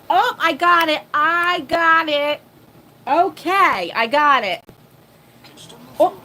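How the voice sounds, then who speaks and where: A woman hosting a casual livestream chat from her phone, flustered and chatty as she thinks out loud. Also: high-pitched, slight background noise. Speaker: livestream host. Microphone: phone mic.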